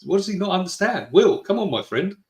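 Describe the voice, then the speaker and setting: A fast-talking British man with a high, very animated, slightly mellow voice co-hosts a podcast in a roomy-sounding space. He reads chat messages out loud in a casual way, teasing and arguing with his co-host amid frequent laughter.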